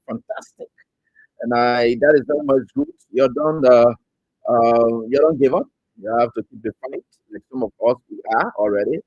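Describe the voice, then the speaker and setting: A man's voice: medium pitch, gravelly, a little mellow, breathy edge, no echo, highs cut off. A man from Liberia hosting an online talk show, greeting viewers by name and mocking his critics. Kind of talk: casual political commentary.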